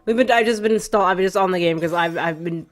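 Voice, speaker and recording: Low-voiced woman streamer chatting with chat. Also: very fast. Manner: rambling, laughing often, talks to chat. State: stuffy from allergies. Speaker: gaming streamer.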